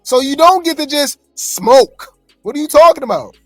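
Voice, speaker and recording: A gossip commentary host reacts to a clip, sounding fed up and sarcastic. The pitch swoops up and down a lot. The recording is dry, with faint music underneath. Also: animated, normal speed, no echo. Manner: exasperated, sarcastic.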